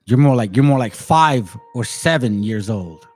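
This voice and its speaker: A man's voice: medium pitch, expressive, a little slow, soft background music. A man in his forties ranting as channel host, confrontational and slangy. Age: 40s. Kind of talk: heated rant to a commenter.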